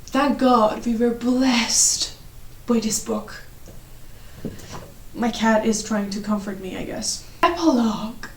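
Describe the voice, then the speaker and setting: A woman's voice: on the high side, takes it slowly, pauses often, a little hiss or hum. A woman giving a ranting book review at home, exasperated and sarcastic. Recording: echoey room.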